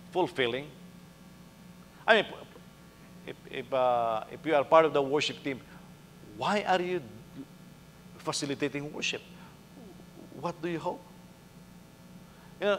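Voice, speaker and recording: Guy pastor preaching, kinda high voice, lots of back and forth questions, echoey church hall. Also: fairly bright tone, slight background noise. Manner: conversational preaching with acted-out dialogues and rhetorical questions. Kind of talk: sermon.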